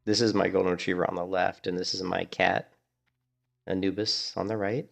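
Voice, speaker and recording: A man's voice: low-pitched, flat delivery, normal speed, vocal fry, soft background music. A man chatting casually and rambling as he streams a game. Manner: rambling, chatty, restarts a lot. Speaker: gaming streamer. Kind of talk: casual gameplay commentary.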